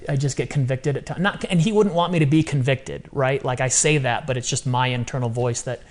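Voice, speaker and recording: A man talking as a podcast guest in a casual interview, animated and repeating phrases for emphasis. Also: mid-range voice, brisk.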